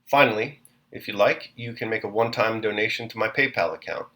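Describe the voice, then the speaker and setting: A man hosting and reading a classic novel aloud chapter by chapter, in a measured, clear narration. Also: on the low side, bright, forceful tone. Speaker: host and reader. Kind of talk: audiobook narration.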